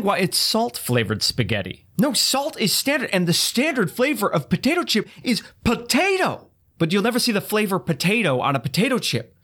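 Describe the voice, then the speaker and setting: Man ranting with lively pitch swings. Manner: exasperated, incredulous rant rising in pitch. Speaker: podcast host. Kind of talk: comedic rant.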